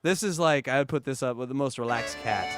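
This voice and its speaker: A man's voice: mid-range voice, quick pace, over loud music. A male show host chatting in a giggly, gushing, easily amused way. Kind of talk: late-night show banter.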